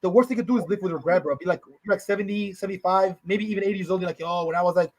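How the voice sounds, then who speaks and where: A man's voice: sits high, rapid-fire. A man in his thirties co-hosting a podcast in casual, rambling chat, full of slang and "you know". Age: 30s. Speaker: podcast co-host.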